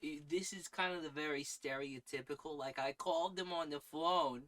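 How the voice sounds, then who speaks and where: Bright-voiced man chatting on a livestream. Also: fairly high pitch, a little slow. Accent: Long Island. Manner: laughs often, trying out accents. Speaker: podcast host. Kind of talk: casual livestream chat.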